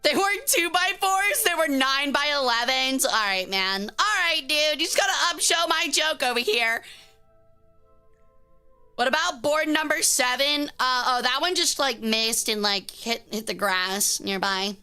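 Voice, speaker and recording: Woman streamer, high bright voice, playful cursing banter, faint music behind. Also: expressive, unhurried. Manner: playful, profane banter, teasing chat. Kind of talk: casual live-stream chat with viewers.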